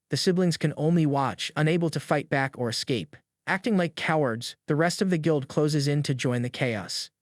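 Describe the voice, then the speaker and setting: A man's voice: on the high side, no echo, clean studio sound. A man narrating a comic story recap in a hyped, scripted storytelling style.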